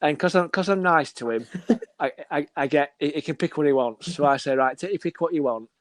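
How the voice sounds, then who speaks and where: This man has a fairly high voice and talks fairly quickly, with no room sound. He's a football scout on a podcast, chatting casually and animating his stories by acting out the dialogue.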